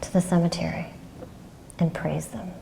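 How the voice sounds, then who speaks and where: A woman voicing a terse, solemn old desert monk who speaks in slow, quiet pronouncements in a reverberant lecture hall. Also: fairly low pitch, fairly even intonation, creaky, a little hiss or hum.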